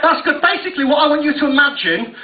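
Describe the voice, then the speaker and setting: A man's voice: extremely high pitch, lively intonation, fast, some chatter behind. A young man doing a stand-up comedy routine on stage at a university, sweary and self-mocking about his own nerves. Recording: tinny, distant, echoey live recording.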